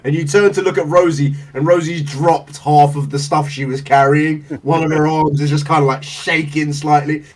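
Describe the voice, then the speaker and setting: A man's voice: fairly high pitch, steady tone, normal speed, hardly any pauses, recorded from a distance, a little hiss or hum, rough recording. A man narrating as game master, rambling with lots of fillers and laughing as he describes scenes.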